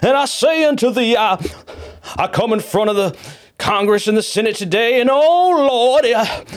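A man's voice: very high-pitched, expressive, moderate pace, voice pushed up. A man putting on an overblown, attention-hungry male politician who preaches and wails to the Lord. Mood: melodramatic. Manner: wailing, theatrical, calls on the Lord.

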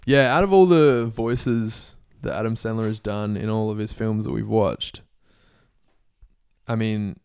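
A man's voice: on the low side, a little slow, vocal fry, a little mellow, smooth. A man co-hosting a podcast, chatting casually about films with blunt jokes and casual swearing. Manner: joking, blunt, swears freely. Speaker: podcast co-host. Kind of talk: casual film review chat.

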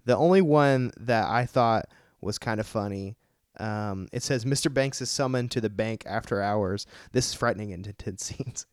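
A man co-hosting a podcast in casual chat, reading passages aloud with wry, deadpan asides. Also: lowish voice, normal speed, no room sound, studio quality. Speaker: podcast co-host.

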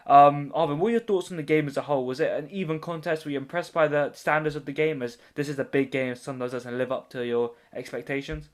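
A man's voice: a little high, steady tone, quick pace, hardly any pauses. A man hosting a casual football podcast, joking and rambling as he leads the chat. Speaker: podcast host.

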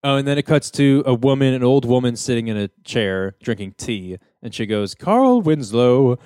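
A man's voice: medium pitch, little pitch movement, a little fast, darkish tone, smooth, dry recording, clean studio sound. A man hosting a casual comedy podcast, rambling through a story and acting out the lines. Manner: rambling retelling with quoted voices and laughs. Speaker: podcast host.

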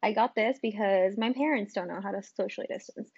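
A woman's voice: mid-range voice, a little fast, slightly rough, dry recording, muffled recording. A young woman in her twenties hosting her own podcast in a rambling, casual chat full of ums, likes and swearing, still recovering from covid, with a cough and short breath. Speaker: podcast host.

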